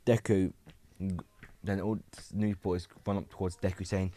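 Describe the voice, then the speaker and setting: A man's voice: low-pitched, flat delivery, normal speed, dark tone, dry recording. A man casually narrating a fan story, rambling with many restarts and asides to his viewers.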